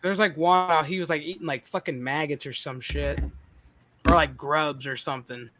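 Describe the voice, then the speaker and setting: A man hosting a casual stream chat, telling animated, profane stories. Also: a little high, moderate pace, a little hiss or hum. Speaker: streamer host.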